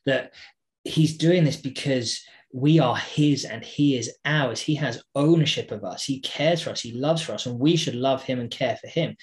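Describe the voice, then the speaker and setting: A man from Britain co-hosting a Bible reading podcast, telling stories in an animated way and acting out quoted lines. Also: mid-range voice, normal speed. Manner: animated storyteller who acts out quotes. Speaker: podcast co-host. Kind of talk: casual podcast chat about Bible reading.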